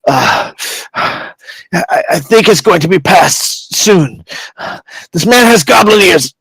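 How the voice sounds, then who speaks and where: A desperate, agonized gnome magistrate, played by a man, his voice pushed high and strained. He pleads and shouts in bursts, pain cracking through every line. Lively, rising pitch throughout. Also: slow pace, vocal fry, breathy edge, no room sound, full character voice, poor audio. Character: frail male gnome magistrate, desperate, in agony.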